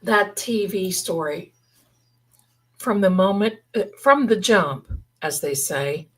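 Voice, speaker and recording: A woman's voice: mid-range voice, expressive, slow, breathy edge, low-quality recording. A middle-aged woman hosting a livestream, chatting in a rambling, casual way and thinking aloud. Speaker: livestream host.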